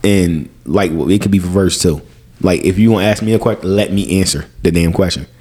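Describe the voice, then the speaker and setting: A man's voice: low-pitched, brisk, darkish tone. A man co-hosting a podcast in casual chat, swearing freely and acting out other people's lines in mocking voices. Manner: swears freely and laughs often. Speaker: podcast co-host.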